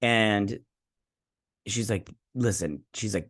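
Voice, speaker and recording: A man's voice: lowish voice, expressive, moderate pace, slightly rough. A man hosting a casual episode review, retelling scenes in a rambling way with snarky asides. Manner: rambling retelling with many "she's like" quotes. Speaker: host.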